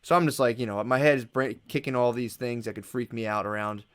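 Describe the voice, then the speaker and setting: Male podcast guest, rapid rambling storyteller, casual swearer. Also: medium pitch, a bit bright. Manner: rapid, rambling storyteller who acts out his own thoughts; casual swearing, calls listener "dude". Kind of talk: casual conversation.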